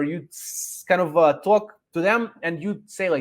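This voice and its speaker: A man speaking as a guest on a podcast, explaining in a casual webinar style. He is animated and often restarts his sentences. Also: sits high, moderate pace, few pauses. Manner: animated, acts out sample customer emails; frequent restarts and hesitations. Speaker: podcast guest, online seller coach.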